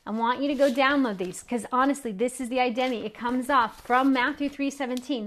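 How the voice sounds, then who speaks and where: Earnest woman host, slightly high voice. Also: a little fast, few pauses, a bit bright. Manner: earnest, pleading, repeats phrases for emphasis. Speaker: podcast host. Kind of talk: faith-based encouraging talk.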